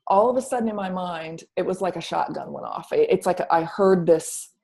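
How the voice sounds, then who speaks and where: A woman with a somewhat low voice shares a deeply personal story with an interviewer. She talks candidly and casually, slipping into the voice of her past self and swearing now and then. Her speech is full of restarts and repeated words. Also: fairly quick, vocal fry. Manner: animated, quotes her own past thoughts, casual swearing; repeats words, many fillers. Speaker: guest telling her story.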